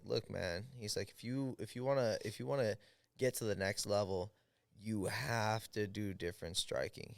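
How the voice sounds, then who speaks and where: A man with an American accent tells a story on a podcast, his voice smooth and resonant and the room around him dry. He talks casually with lots of fillers and acts out the people he quotes. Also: lowish voice, no echo. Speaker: podcast guest, fighter.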